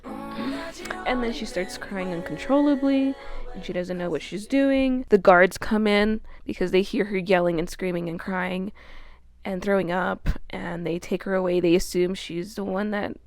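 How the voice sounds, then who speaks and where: Chatty young woman with a gravelly voice. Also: medium pitch, steady tone, a little slow, a little mellow, soft background music. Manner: chatty, swears, laughs often, lots of fillers. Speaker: book reviewer. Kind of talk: casual book recap.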